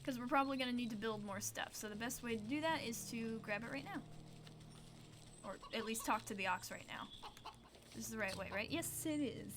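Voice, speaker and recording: A woman's voice: on the high side, fairly quick, noisy background. A woman streaming a game, chatting playfully and talking to herself as she plays. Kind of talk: casual game-stream commentary.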